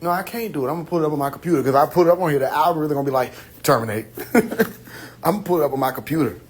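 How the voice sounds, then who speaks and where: A man's voice: a little high, slight background noise. Profane, rambling man on a phone livestream. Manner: loose, rambling, profane, with quick asides and laughs. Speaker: livestream host. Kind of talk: casual livestream talk.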